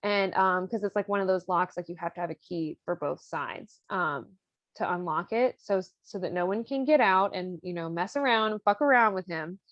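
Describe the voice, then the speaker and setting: A woman's voice: on the low side, moderate pace, fairly bright tone, no room sound, highs cut off. A woman hosting a podcast, casually retelling an opera plot with loose, profane talk full of "like". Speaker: podcast host.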